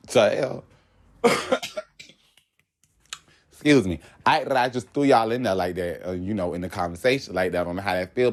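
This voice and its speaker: A young man telling a work story in a casual, animated way, swearing often and acting out what people said. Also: lowish voice. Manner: animated, profane storytelling with acted quotes.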